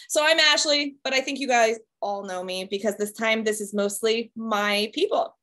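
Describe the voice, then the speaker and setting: A woman leading a video call for her team, telling her story in a chatty, animated way with lots of "right?" and "like". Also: on the high side, rough recording. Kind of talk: casual presentation to her team.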